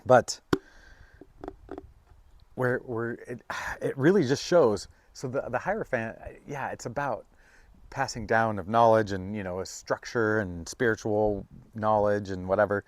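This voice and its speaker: A man's voice: on the low side, a little slow, dry recording. Chatty, rambling man reading tarot. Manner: rambling, chatty, with many fillers and restarts. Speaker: tarot reader. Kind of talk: casual spoken tarot reading.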